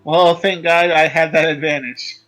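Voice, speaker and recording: High, bright-voiced man, slow and hesitant. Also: steady tone, soft background music, rough recording. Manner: hesitant, full of uhs. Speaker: player. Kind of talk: casual tabletop game chat.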